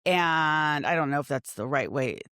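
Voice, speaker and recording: A woman's voice: low-pitched, expressive, normal speed, no room sound. Casting: Midwest-raised woman host, effusive and rambling, dry close-miked sound. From Kansas City area, US Midwest. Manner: warm, effusive, rambling, self-interrupting. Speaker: podcast host. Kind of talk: casual interview conversation.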